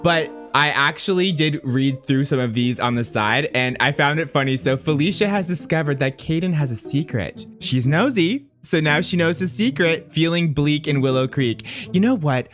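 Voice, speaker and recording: A man's voice: a little high, lively intonation, normal speed, soft background music. A man giving casual, playful commentary over a life-sim game, teasing the characters and exclaiming often. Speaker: gameplay commentator.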